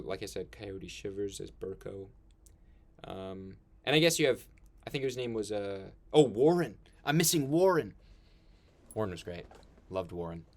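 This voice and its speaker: A young man hosting a casual film talk, rambling with fillers and laughs. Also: on the low side. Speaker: podcast host.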